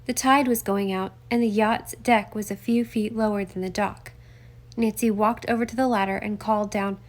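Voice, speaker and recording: Woman audiobook narrator, mid-range voice, measured scripted storytelling. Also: mid-range voice.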